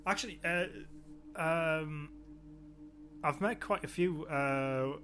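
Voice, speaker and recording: A man's voice: on the high side, slow, fairly bright tone, a little hiss or hum. A man with a Geordie accent, co-hosting a casual chat and reviewing a TV episode with wry exasperation. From Newcastle, England. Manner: wry, exasperated, repeats words when starting. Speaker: podcast co-host.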